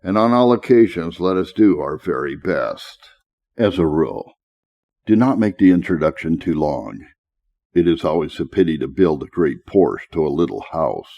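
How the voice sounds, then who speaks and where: A man giving a measured scripted reading of a classic lecture on preaching, slowing deliberately to stress key phrases. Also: deep voice, lively intonation, gravelly, highs cut off.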